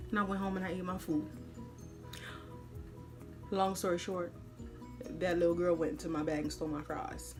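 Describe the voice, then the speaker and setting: A young woman hosting her own vlog, telling a funny story in a casual, animated way with many fillers. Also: fairly low pitch. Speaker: vlog host.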